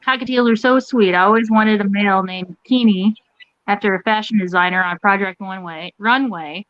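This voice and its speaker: A woman's voice: mid-range voice, normal speed, dry recording. A young woman co-hosting a livestream, chatty and giggly, telling stories in casual chat. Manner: chatty and giggly, animated storytelling. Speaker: co-host. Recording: dry, dull lo-fi mic.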